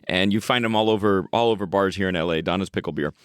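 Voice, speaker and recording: Low-voiced man joking on a podcast. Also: fast talker, clear, resonant tone, no room sound, clean studio sound. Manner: loose and joking, swears freely, stumbles and restarts. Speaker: podcast co-host. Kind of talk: casual chat.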